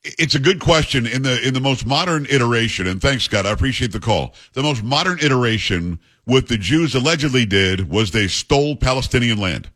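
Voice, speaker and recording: A man's voice: mid-range voice, animated, a bit bright. A man hosting a talk radio call-in show, blunt and opinionated, speaking into a studio microphone. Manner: blunt, opinionated, rapid asides.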